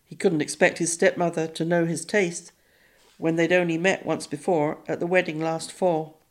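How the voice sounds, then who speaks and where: A woman narrating a children's novel in a measured, even storytelling voice. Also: low-pitched. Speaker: audiobook narrator. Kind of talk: scripted narration.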